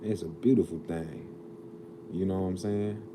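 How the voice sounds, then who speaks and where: A man's voice: deep voice, fairly even intonation, normal speed. A middle-aged man talking casually to viewers on a livestream, earnest and preachy, with street slang. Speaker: livestream host. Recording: noisy background.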